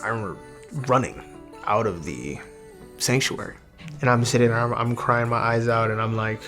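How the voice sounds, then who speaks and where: A young man gives a personal faith testimony, earnest and halting, circling back to restart his sentences. His voice is gravelly at mid pitch. Soft music plays faintly behind him. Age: young adult. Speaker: testimony speaker.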